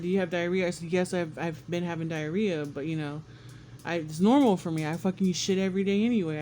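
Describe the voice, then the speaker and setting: Guy with a high voice telling a sick-day story, swears a lot, faint room noise behind. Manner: animated, swears often, acts out quotes with squeals. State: congested and sick. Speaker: vlogger. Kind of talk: casual storytelling to camera.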